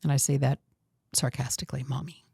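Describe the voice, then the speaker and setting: A woman's voice: a bass voice, steady tone, a little fast, gravelly, a little mellow, husky, no echo, clean studio sound. A woman hosting a coaching talk, direct and emphatic, teasing her guest now and then. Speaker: host and coach. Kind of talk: coaching conversation.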